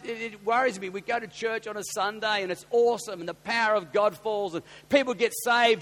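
An Australian man preaching as a pastor, telling personal stories and swinging from hushed asides to loud, excited exclamations. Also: sits high. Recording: long reverb of a large hall.

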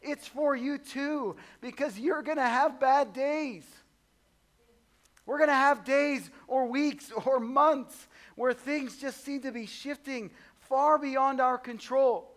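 High-pitched guy preaching, goes from quiet asides to loud bursts, jokey and chatty. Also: steady tone, takes it slowly. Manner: dynamic, swinging between soft low asides and loud high exclamations; conversational and humorous, acts out voices of the disciples. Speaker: pastor. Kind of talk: sermon.

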